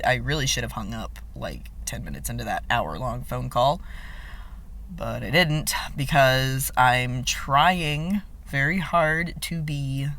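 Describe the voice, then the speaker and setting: A man's voice: medium pitch, pushed and bright. A young man talking frankly in a personal vlog, venting bluntly and swearing freely, with frequent filler ums. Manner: blunt and heavily profane. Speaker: vlogger.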